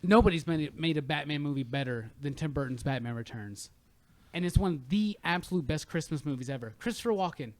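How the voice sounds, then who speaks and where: A man hosting a casual podcast chat, emphatic, excitable and full of swearing. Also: on the high side, brisk. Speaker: podcast host.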